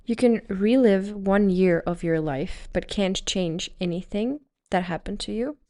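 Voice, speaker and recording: A young woman from Estonia with an Estonian accent, co-hosting a casual podcast chat; soft-spoken and reasoned. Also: mid-range voice, a little slow. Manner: soft-spoken, reasoned, self-described introvert. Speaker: podcast co-host.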